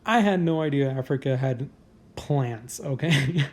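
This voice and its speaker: A man's voice: medium pitch, animated, a little slow, a little mellow. A man hosting a comedy news podcast, riffing on headlines in a casual, crude, sarcastic way. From United States. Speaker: podcast host.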